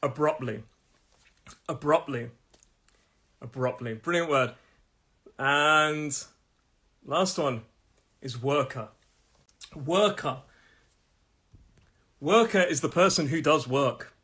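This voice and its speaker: Middle-aged english guy teaching pronunciation live, bit higher voice, chatty, voice going a little. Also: sharp tone, slightly rough. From England. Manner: chatty, repeats each word slowly, laughs at own jokes. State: losing his voice. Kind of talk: live-streamed pronunciation lesson.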